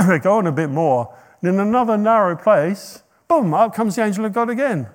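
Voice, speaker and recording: A man's voice: sits high, expressive, moderate pace. A man preaching, retelling a story dramatically with chatty asides. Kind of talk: sermon storytelling.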